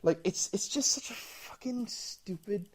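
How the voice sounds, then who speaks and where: A man co-hosting a casual podcast chat, animated and excitable, stumbling over restarts as he retells movie scenes. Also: sits high, measured pace, husky. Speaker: podcast co-host.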